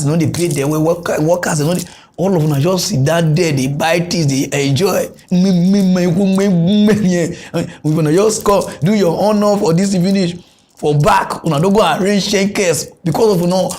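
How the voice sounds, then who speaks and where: A young man with a Nigerian Pidgin accent hosting a comic mock news show, ranting with frequent chuckles. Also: high voice. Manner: animated ranting, chuckles often.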